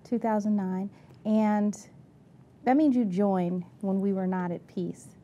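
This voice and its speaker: A woman's voice: mid-range voice, steady tone, slow, warm tone, lo-fi sound, slight background noise. A woman interviewer asking brief prompting questions and recapping answers in an oral history interview.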